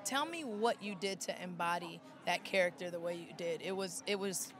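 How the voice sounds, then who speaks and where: A woman's voice: fairly low pitch, normal speed, a crowd in the background. A woman hosting a red carpet livestream, interviewing a guest with effusive, slangy hype talk.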